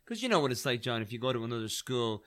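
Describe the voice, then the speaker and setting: A man in his thirties, a former fighter, telling a story in an animated, rambling way full of "like" and "right?". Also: mid-range voice, fast. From Ireland. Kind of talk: casual storytelling.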